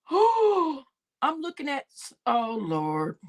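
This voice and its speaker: High-voiced, slow-talking giggly woman. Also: wildly swooping pitch. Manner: laughs constantly, swears casually. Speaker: livestream host. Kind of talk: casual livestream commentary.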